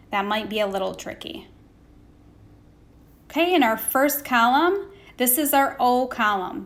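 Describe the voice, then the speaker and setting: A woman teaching a recorded phonics lesson to young children, sounding out words slowly and patiently, asking questions and waiting for answers. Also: on the high side, fairly bright tone. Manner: slow, sounding out words letter by letter.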